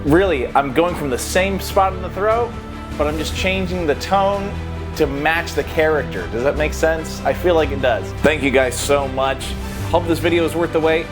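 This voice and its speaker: A man's voice: on the high side, moderate pace, over music. A man explaining voice acting in a casual how-to tutorial, easygoing and explanatory, now and then breaking into short character demos.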